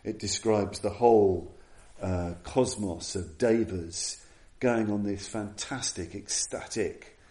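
A man with a low, mellow voice gives a Buddhist dharma talk in an echoey room. He speaks earnestly and reflectively, often circling back to restart a phrase as he tells the story. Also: takes it slowly. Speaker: Buddhist teacher.

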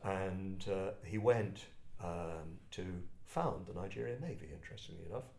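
An older English man from Kent telling personal stories to a group in a reflective, halting, self-deprecating way. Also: deep voice, expressive, vocal fry, darkish tone. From England, Kent. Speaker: speaker addressing a group. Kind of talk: personal storytelling talk. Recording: roomy echo.

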